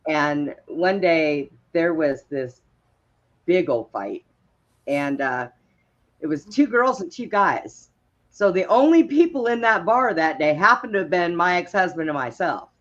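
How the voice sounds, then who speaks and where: A woman telling lively stories in casual chat, laughing often as she goes. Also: fairly low pitch, unhurried. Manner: laughs often, animated retelling. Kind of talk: casual storytelling. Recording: dull lo-fi sound.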